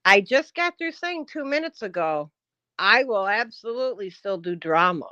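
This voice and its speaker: A woman's voice: medium pitch, sing-song, measured pace, pushed and bright, no room sound, muffled recording. A woman livestreaming in a casual rant, combative and profane, answering her chat.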